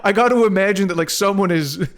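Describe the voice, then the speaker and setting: A man's voice: high voice, quick pace. A young man chatting casually on a live stream, rambling, swearing and laughing often.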